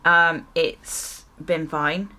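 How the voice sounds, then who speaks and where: A young woman chats through a story as she gets ready, in an easy, unhurried way. Her voice sits a touch low for a woman, and she throws herself into the retelling with exasperated asides and little bursts of swearing. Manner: animated storytelling with mild swearing and acted-out reactions. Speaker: beauty vlogger. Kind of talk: casual storytime while doing hair.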